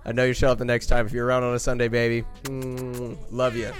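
A man's voice: mid-range voice, completely flat delivery, fast talker, clear, resonant tone, faint music behind. A young man hosting a podcast, rambling enthusiastically through a comedic movie recap with crude jokes. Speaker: podcast host.

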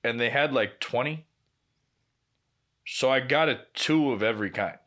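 Bright-voiced man telling a story. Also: medium pitch, normal speed. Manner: profane, laughing anecdotes with quoted dialogue. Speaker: podcast co-host. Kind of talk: casual storytelling chat.

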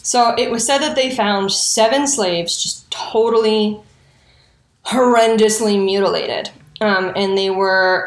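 A woman's voice: medium pitch, roomy sound. A woman telling a history story in a casual, profane way, with indignant and sarcastic asides. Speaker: true crime storyteller.

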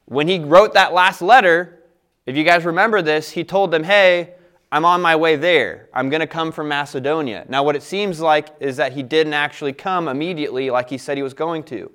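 A man's voice: fairly high pitch, brisk, fairly bright tone. A man teaching a Bible passage in a conversational way, reading verses aloud and explaining them with frequent check-ins to his listeners. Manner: conversational, explains scripture with frequent "all right" and restarts.

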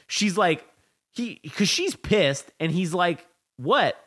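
Film scenes get retold and lines acted out by this podcast co-host, whose storytelling is animated, casual and profane. He has a high-pitched voice and speaks slowly.

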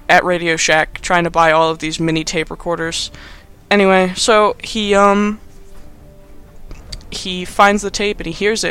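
A man hosts a casual podcast and recaps a film in a rambling, animated way, full of fillers. His voice is high and bright, and it sounds smooth and clear. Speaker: podcast host.

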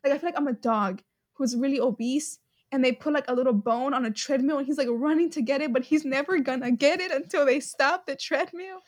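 A woman's voice: sits high, a little fast. A young woman chatting casually, rambling and giggling, with lots of fillers. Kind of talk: casual chat.

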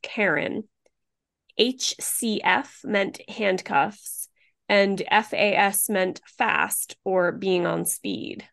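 A woman's voice: medium pitch, steady tone, very slow, gravelly, a bit bright. A woman co-hosting a true-crime podcast, chatty and blunt, swearing often and filling her talk with "like.". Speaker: podcast co-host.

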